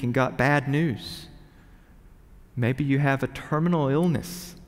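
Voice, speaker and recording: A man preaching a sermon with earnest emphasis, moving from quiet reflection to urgent pleading. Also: medium pitch. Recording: reverberant hall.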